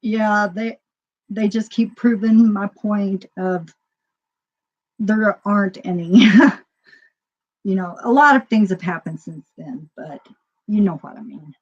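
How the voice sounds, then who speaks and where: Slow, rambling woman on a dull recording. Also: medium pitch. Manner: rambling, full of "you know" fillers. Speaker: store owner. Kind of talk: casual vlog monologue.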